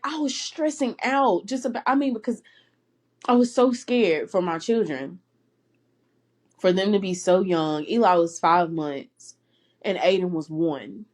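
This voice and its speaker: A woman's voice: medium pitch, darkish tone. A young woman hosting a personal faith podcast, speaking earnestly and emotionally and laughing between phrases. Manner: emotional, close to tears at times. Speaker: podcast host.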